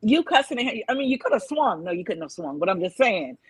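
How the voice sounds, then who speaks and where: A woman co-hosting a casual talk show who listens supportively, backing her co-host with quick reactions. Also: mid-range voice, sing-song, husky, no room sound. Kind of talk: casual chat.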